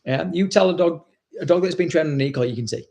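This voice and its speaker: A man's voice: a little high, fast, gravelly, warm tone. A man, a dog trainer, chatting casually, blunt and swearing freely. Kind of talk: casual chat.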